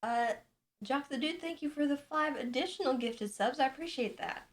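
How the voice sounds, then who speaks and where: A woman in her late twenties chatting casually on a live stream at home into a boom microphone, relaxed and full of ums. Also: normal speed, a little hiss or hum. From United States. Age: late 20s.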